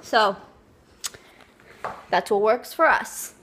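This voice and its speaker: A woman's voice: a little high, extremely slow, noisy background. A young woman chatting casually to camera, telling a rambling story with lots of fillers. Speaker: vlogger.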